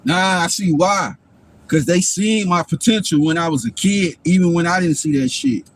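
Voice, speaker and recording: Guy with a pretty high voice going off on a stream, swearing a lot, preachy, keeps saying you know what im saying. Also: normal speed. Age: adult father. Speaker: livestream host. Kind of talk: rambling casual monologue.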